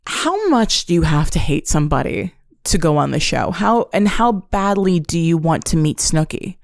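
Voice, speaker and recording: Low gravelly woman, casual podcast. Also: a little mellow, dry recording, studio quality. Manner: profane, sarcastic, laughs while recapping. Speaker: podcast host. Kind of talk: casual solo podcast storytelling.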